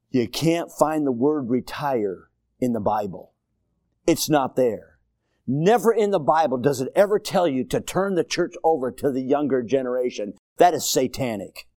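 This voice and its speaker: A man preaching a sermon as a visiting preacher. He swings between low, quiet asides and loud, high, shouted exhortation, with repetitive, rousing phrases. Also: unhurried, no echo, clean studio sound. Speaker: guest preacher.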